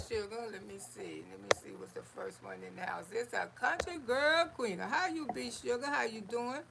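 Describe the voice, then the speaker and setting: A woman's voice: mid-range voice, lively intonation, normal speed, vocal fry, hardly any pauses, very noisy. A woman from Florida hosts a casual livestream, reading viewer comments in a folksy, affectionate way and calling listeners honey, sugar and baby. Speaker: livestream host.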